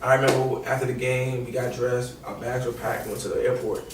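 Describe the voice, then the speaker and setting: A man's voice: mid-range voice, fairly quick. Young New man, guest, casual slangy storyteller; roomy echo, mic set back. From New York. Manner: animated, slangy, profane, acts out quotes. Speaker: podcast guest, former college basketball player. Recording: echoey room, distant mic, faint noise.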